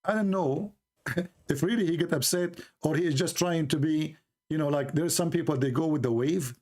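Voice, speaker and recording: Animated high-voiced man with an Arabic accent. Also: normal speed. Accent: Middle Eastern Arabic. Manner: animated, mocking, repeats words, laughs at his own points. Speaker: online commentator. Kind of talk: casual opinion talk with storytelling.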